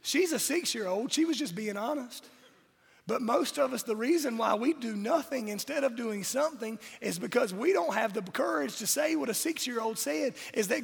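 A man, preaching a sermon with a high, gravelly voice. He keeps pressing the congregation with emphatic rhetorical questions. A long reverb trails his words through the church sanctuary. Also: expressive, moderate pace. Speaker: pastor.

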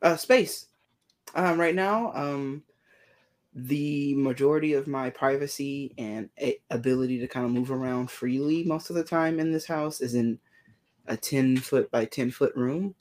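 A woman's voice: a bass voice, a little mellow. A woman on a live chat panel who jokes, laughs easily and acts out what other people say. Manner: joking, quick to laugh, acts out quotes. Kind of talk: casual group chat on a live show.

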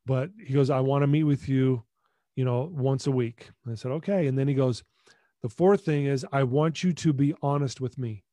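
Mellow-voiced man telling his story. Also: medium pitch, normal speed, no echo. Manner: animated retelling with acted-out dialogue; restarts and repeats words. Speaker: podcast guest. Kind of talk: personal storytelling in conversation.

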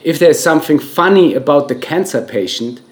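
A man co-hosting a casual podcast, earnestly explaining his view with halting restarts. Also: a little high, lively intonation, a little mellow. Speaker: podcast co-host. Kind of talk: casual chat.

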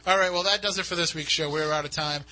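A man's voice: a little high, fairly even intonation, fast talker, sharp tone, a little hiss or hum, low-quality recording. A man hosting a casual radio talk show, rambling and poking fun at himself. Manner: rambling, self-mocking. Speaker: podcast host.

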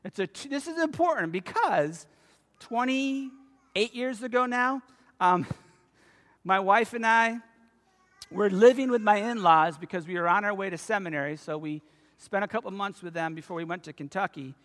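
A man in his fifties preaching a sermon as a pastor, telling stories with animated emphasis. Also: high voice, normal speed. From United States. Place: church sanctuary. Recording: long reverb of a church hall.

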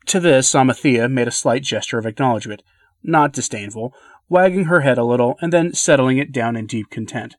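A man reading a literary essay aloud in a measured, earnest way, letting his voice drop softly at the ends of phrases. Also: mid-range voice, dry recording, studio quality. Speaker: podcast reader.

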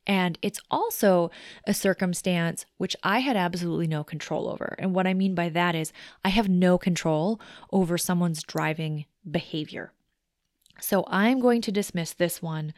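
Woman, podcast host, lowish voice, dry close sound, conversational, reflective, explains step by step. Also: no echo. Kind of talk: solo self-help podcast talk.

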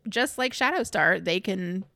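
A woman's voice: medium pitch, measured pace, vocal fry, no room sound, studio quality. A woman co-hosting a podcast, animatedly retelling a book's plot in casual chat. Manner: animated retelling with acted quotes and laughter. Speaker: podcast co-host. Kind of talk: casual book discussion.

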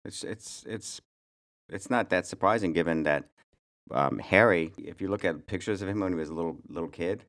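Deep-voiced blunt male podcast host. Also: normal speed, fairly bright tone. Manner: blunt, ranting, repeats words. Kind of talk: casual chat.

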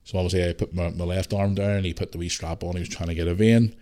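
A Northern Irish podcast host in his thirties talks fast in a voice that sits low. His casual monologue is animated storytelling, peppered with mild swearing and acted-out voices.

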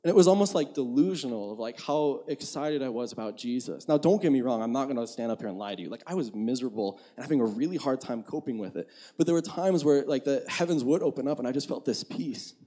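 A man's voice: medium pitch, expressive, fast talker, few pauses, dark tone, breathy edge. A young man giving a sermon in a conversational, candid way, acting out his own inner dialogue. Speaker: preacher.

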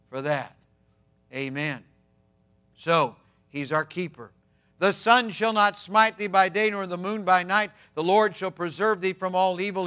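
A male pastor preaching a sermon, emphatic, swinging between loud declarations and quiet asides. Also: high voice, clean tone.

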